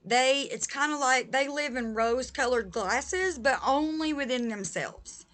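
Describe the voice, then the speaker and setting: Woman vlogging to the camera, kinda high voice, heated and emphatic, talking right to her viewers. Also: unhurried, fairly bright tone. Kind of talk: direct-to-camera vlog talk.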